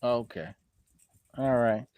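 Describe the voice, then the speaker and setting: A man's voice: medium pitch, takes it slowly, darkish tone, smooth, dry recording. A man with a New York accent hosting a casual live stream, chatting and reading out viewer comments.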